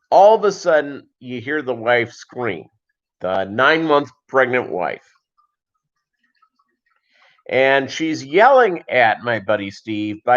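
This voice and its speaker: A man's voice: medium pitch, muffled recording. A middle-aged man hosting a livestream, telling a long story in a loose, rambling way with many restarts and asides. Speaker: livestream host.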